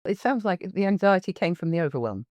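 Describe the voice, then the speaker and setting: A woman's voice: on the low side, very animated, quick pace, a little mellow, dry recording, muffled recording. A woman, an ADHD coach co-hosting a podcast, chatting supportively with short interjections. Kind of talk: casual podcast conversation.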